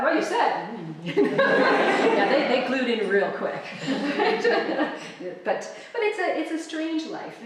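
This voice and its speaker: Middle-aged woman author, animated storyteller, distant mic in a very echoey room. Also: fairly low pitch, slight background noise. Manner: animated, laughing, acts out quoted lines. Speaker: author giving a library talk. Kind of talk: storytelling talk to an audience. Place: library event room. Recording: roomy, distant mic with faint ambience.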